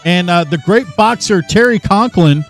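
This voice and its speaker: A man's voice: high-pitched, lively intonation, moderate pace, faint music behind. A man co-hosting a sports podcast, joking and rambling with lots of fillers. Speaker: podcast co-host. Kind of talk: casual sports podcast chat.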